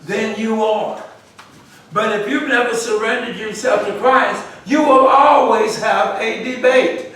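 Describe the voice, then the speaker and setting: Bible study teacher in an echoey church room. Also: male voice, very high-pitched, steady tone, unhurried, a bit bright. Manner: call-and-response questioning, repetitive emphasis. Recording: echoey room, far from mic, faint noise.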